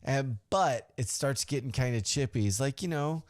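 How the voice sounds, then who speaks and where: A man's voice: medium pitch, moderate pace. A man hosting a podcast who recaps a wrestling show in a loose, rambling way, with fillers and some swearing. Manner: acts out quotes in a loose, offhand way. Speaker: podcast host.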